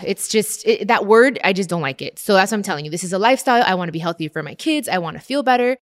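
A woman's voice: mid-range voice, animated, fast talker. A woman, hosting a casual advice chat and switching between English and Spanish. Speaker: host answering listener questions.

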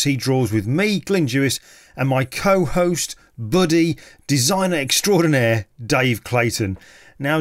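A man's voice: medium pitch, no echo. Chatty male podcast host, dry sound. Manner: enthusiastic, chatty. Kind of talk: solo podcast intro.

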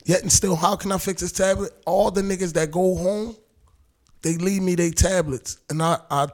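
A man telling a street story on a podcast in a loud, profane, animated way, acting out what people said. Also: sits high, moderate pace. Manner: animated, profane, acts out quotes. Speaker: podcast guest. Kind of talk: casual storytelling.

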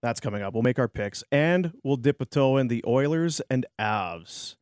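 This man co-hosts a sports talk show with a teasing, bantering delivery. His pitch jumps around a lot. The recording sounds dry and close to the mic. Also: lively intonation, moderate pace, darkish tone, clear, resonant tone, no echo.

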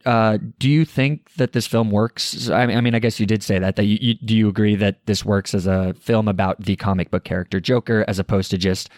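Low-voiced measured man, dry sound. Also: steady tone, a little mellow, no room sound. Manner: measured, thoughtful, leads questions. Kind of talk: casual movie review chat.

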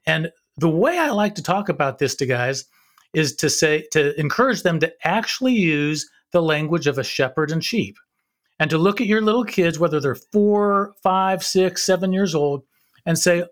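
A man's voice: a little high, animated, moderate pace. A man speaking as a podcast guest, teaching fathers in an earnest, preacher-like way and sometimes acting out what others would say. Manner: earnest, preacher-like, acts out quoted voices.

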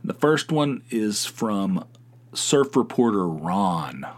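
A man's voice: on the low side, big pitch swings, takes it slowly. A middle-aged man hosting a podcast, talking in a rambling, profane casual monologue with many restarts. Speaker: podcast host.

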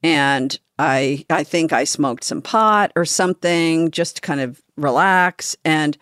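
A woman podcast host talking in a reflective, measured way and laughing often. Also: low-pitched, a bit bright, clean tone, no echo, studio quality. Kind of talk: conversational podcast chat.

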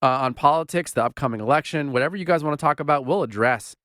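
A man's voice: fairly high pitch, fast talker, fairly bright tone, no room sound. A man co-hosting a podcast, trading wry, dry-humored banter in a casual chat. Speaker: podcast co-host.

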